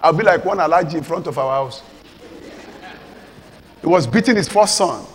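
High-voiced Nigerian pastor, echoing hall. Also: male voice, expressive, normal speed, a little hiss or hum. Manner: emphatic preaching, swings between loud exhortation and low pleading. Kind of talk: sermon. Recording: long reverb of a large hall.

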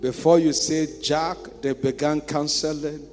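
A man with a Nigerian accent preaching a sermon as pastor, asking the congregation rhetorical questions and swinging between hushed storytelling and loud shouting. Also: fairly high pitch, little pitch movement, a little slow. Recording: reverberant church hall with music.

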